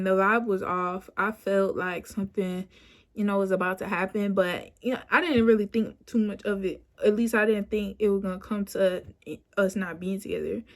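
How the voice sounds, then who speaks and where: A woman in her twenties telling a personal story in a casual, rambling way, full of "like" and "you know", recorded on a phone camera at home. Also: mid-range voice. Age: 20s. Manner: animated when quoting herself. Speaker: vlogger.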